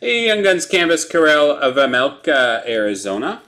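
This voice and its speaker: A man hosting a live card break, briskly listing player names and teams and chuckling over hard names. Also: a little high, big pitch swings, sharp tone. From Canada. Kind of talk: live sports card break, calling out pulls. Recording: noisy room with card-pack crinkling.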